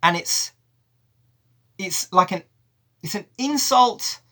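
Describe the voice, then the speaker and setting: A man's voice: high-pitched, takes it slowly. A man giving an exasperated, profane film review rant. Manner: animated, profane, exasperated ranting. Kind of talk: ranting video review.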